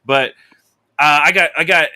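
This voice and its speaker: A man's voice: on the high side, a little slow, pushed and bright. A man co-hosting a live stream, reacting to a trailer in casual chat, swearing freely and telling stories with animation. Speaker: co-host.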